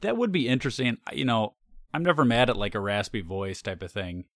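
A man's voice: mid-range voice, animated, fairly quick, fairly bright tone, no echo, clean studio sound. A man in casual conversation, easygoing and rambling, laughing often as he talks. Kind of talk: casual chat.

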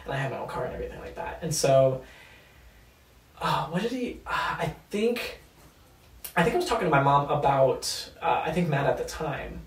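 A man's voice: on the high side, very animated, moderate pace. Young man guest, casual, cursing, roomy sound with a distant mic. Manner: loose, profane, hesitant with fillers. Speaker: podcast guest. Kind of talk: casual storytelling chat.

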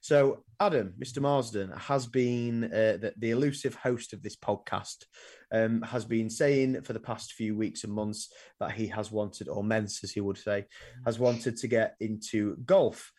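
A young man hosting a sports podcast, rambling with lots of ums and restarts, often trailing off quietly. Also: lowish voice, a little slow. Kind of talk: casual sports chat.

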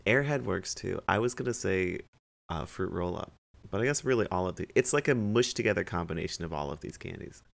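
A man's voice: deep voice, animated, fairly quick, creaky. A man in a dry, teasing manner, playing a tabletop game. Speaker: player.

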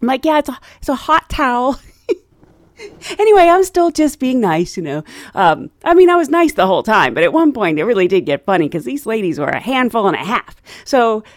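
Lively woman telling a funny work story. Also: brisk, dry recording, studio quality. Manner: lively, laughing, acts out passengers in loud high voices. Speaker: flight attendant telling stories. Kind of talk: casual storytelling.

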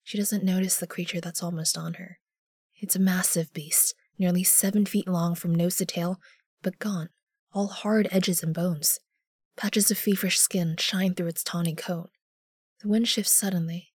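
Woman narrating in a low hush. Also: steady tone, breathy edge, dry recording, clean studio sound. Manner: measured, often hushed narration. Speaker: narrator and lead character. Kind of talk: first-person audio drama narration.

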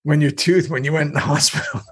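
A man's voice: a little high, fairly even intonation, fast talker, fairly bright tone, breathy edge. A man co-hosting a casual podcast chat, talking in a rambling, meandering way full of restarts. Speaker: podcast co-host.

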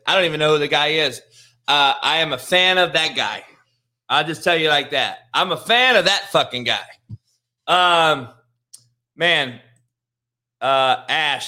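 A man's voice: on the high side, pushed and bright. A man hosting a sports talk show, ranting heatedly with a lot of swearing and emphatic repetition. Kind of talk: profane sports rant.

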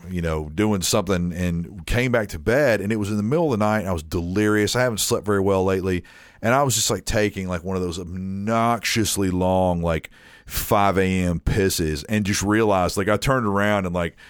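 A man's voice: deep voice, moderate pace, dry recording, studio quality. A young man rambling through an awkward story, full of filler words. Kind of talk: casual chat.

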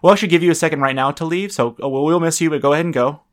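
A man's voice: a little high, racing. A young man hosting a casual podcast, who rambles, interrupts himself and laughs often. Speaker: podcast host.

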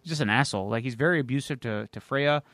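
A man's voice: mid-range voice, quick pace, a bit bright, no room sound. A man co-hosting a podcast, casually retelling a comic-book story with lots of fillers, restarts and swearing. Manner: rambling plot recap with fillers and swearing. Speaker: podcast co-host. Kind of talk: casual chat.

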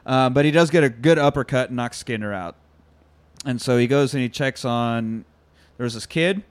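A man's voice: mid-range voice, moderate pace, no room sound. Man animatedly recapping a movie. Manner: animated retelling, acts out quotes with laughs. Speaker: podcast co-host. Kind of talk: casual movie recap chat.

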